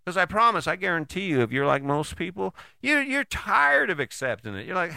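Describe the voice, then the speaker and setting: A man's voice: high voice, big pitch swings, fairly quick, creaky, hardly any pauses, sharp tone, no room sound. A man giving a casual motivational talk, folksy and chatty, who often adds "right?" and acts out quoted people in short bits. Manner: often tags sentences with "right?".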